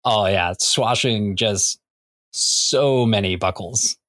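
A man's voice: lowish voice, slow pace, fairly bright tone, no room sound, studio quality. Rambling man chatting about comics. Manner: rambling, full of "like" and restarts. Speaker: podcast co-host. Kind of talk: casual chat about comics.

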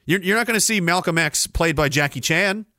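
This Canadian livestream host has a high, sharp voice and a brisk delivery, captured in a dry recording. He rants sarcastically about the news, reads out viewer comments, and swears freely.

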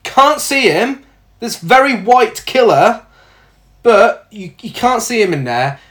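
A man's voice: very high-pitched, lively intonation, slow, fairly bright tone. Male co-host, sarcastic film critic, swears freely, conversational. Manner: blunt, sarcastic, swears often. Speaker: podcast co-host reviewing films. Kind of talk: casual film review chat.

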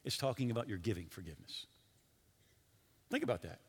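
A male pastor preaching a sermon in an animated way, asking his listeners questions directly. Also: fairly low pitch, brisk, slightly rough. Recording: long hall reverb.

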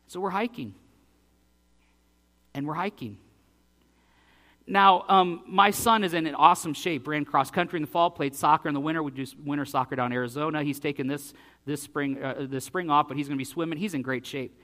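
A man in his forties, a pastor telling a personal story in a sermon, animated and self-deprecating. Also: on the high side, fairly quick. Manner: animated, self-deprecating, acts out his own breathless lines.

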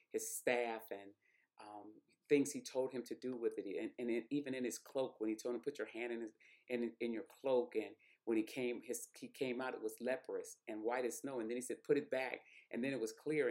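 Podcast preacher teaching from the bible, earnest, dark mellow tone, stumbles and repeats words. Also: medium pitch. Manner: earnest, repeats words while searching for phrasing. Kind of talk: sermon-style Bible teaching.

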